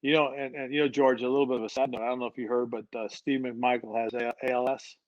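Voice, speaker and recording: A middle-aged man, a head coach, telling stories on a podcast at a mid pitch. He talks casually and keeps restarting his sentences with repeated words. The audio sounds muffled and dry. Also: flat delivery, fast talker, dry recording. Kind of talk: conversational storytelling.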